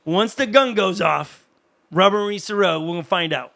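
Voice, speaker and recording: A man delivers a sermon as pastor, his voice pitched high and bright with a forceful edge. He preaches in a conversational, animated way, turning to people in the room with quick asides. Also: vocal fry.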